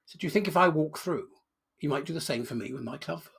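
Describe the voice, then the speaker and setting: Bloke playing a keen, gullible club-footed pub man from a told joke, raspy. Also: on the high side, fast. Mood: eager. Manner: amazed, eager. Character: friendly man with a club foot.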